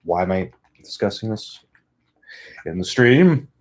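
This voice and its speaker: His voice is lowish and a little slow, with big pitch swings, as he hosts a podcast from home. Speaking close to a studio microphone, he rambles, swears, and mocks himself.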